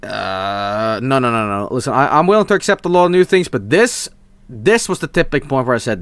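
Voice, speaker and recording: A young Swedish man with a Swedish accent, chatting casually on a live stream, excitable and profane, swinging from mumbles to shouts. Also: mid-range voice, fairly quick, dry recording. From Sweden.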